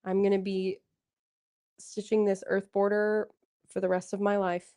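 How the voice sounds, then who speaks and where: A woman's voice: mid-range voice, flat delivery, a little slow, dark tone. Chatty, encouraging woman hosting a livestream. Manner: chatty and encouraging, reads viewer comments aloud. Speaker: livestream host. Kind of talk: casual livestream chat.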